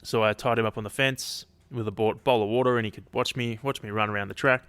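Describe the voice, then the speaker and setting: A man's voice: on the low side, steady tone, fast, a bit bright, clean tone, no room sound. A man hosting a casual solo podcast, rambling, restarting sentences and swearing offhandedly, his throat a little dry. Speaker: podcast host.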